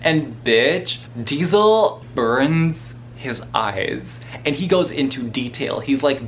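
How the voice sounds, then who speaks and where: A man giving a casual spoiler book review vlog, animated and dramatic, with crude jokes and laughing asides. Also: on the high side, a little slow, a little hiss or hum. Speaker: book vlogger.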